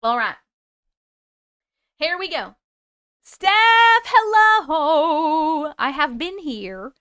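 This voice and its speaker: A woman's voice: sits high, pushed and bright, dry recording, clean studio sound. A woman in her forties hosting a livestream, chatting with viewers and reading their stories aloud in a bubbly, casual way. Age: 40s.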